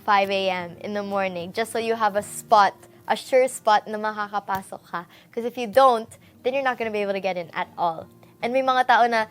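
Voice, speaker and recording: Young woman vlogger, chatty and upbeat, raised pitch, light music bed. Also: a bit bright. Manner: bubbly and chatty, switching between English and Tagalog. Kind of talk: casual chat.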